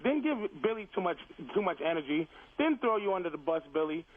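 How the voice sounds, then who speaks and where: A man on a phone call into a radio show presses his version of events, retelling it again and again. His pitch runs fairly high, and the line is narrow and tinny. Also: sing-song, brisk. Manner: insistent storyteller, keeps retelling and interrupting. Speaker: comedian calling in. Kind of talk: heated radio argument.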